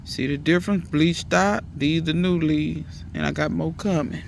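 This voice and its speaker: A man's voice: a little high, steady tone, moderate pace, creaky, slight background noise. A man in a casual gardening vlog, chatty and emphatic, talking to viewers outdoors in his garden. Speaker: home gardener.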